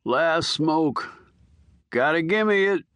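A man's voice: on the high side, lively intonation, extremely slow, a bit bright, smooth, dry recording, voice pushed up, full character voice. A man doing a crude old convict. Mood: demanding. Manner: coarse, drawling, wheedling then demanding. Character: dying old male prisoner, crude, pushy, foul-mouthed.

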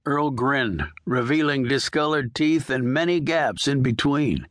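Slow, dry male audiobook narrator. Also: medium pitch, lively intonation, fairly bright tone, dry recording. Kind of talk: audiobook reading.

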